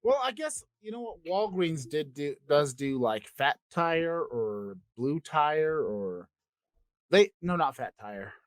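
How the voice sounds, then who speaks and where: A podcast co-host with a slightly high voice speaks slowly, his pitch swinging widely. In casual chat he rambles, trails off, restarts sentences, and swears now and then. There's no room sound.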